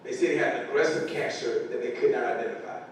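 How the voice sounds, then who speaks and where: Middle-aged man, earnest motivational speaker, distant mic with faint rumble. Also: fast talker. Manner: earnest, emotional storytelling. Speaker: parent speaking to school staff. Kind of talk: motivational speech. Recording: echoey large room from far off, faint rumble.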